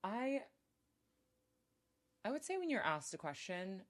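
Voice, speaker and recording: A young adult woman talking as a podcast guest in casual conversation. She is animated and acts out sample lines of dialogue as she talks. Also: mid-range voice, unhurried.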